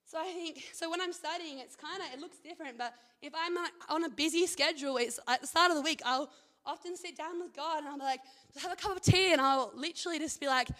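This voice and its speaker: With a high voice, a young woman talks casually through a devotional as a Christian college student, energetic and animated in brief rapid bursts.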